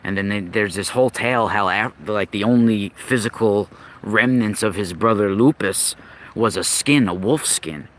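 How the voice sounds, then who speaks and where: Slow, deep-voiced man rambling on lore. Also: a bit bright. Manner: rambling, with frequent restarts and searching for words. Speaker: podcast host. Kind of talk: casual monologue on myth and occult lore.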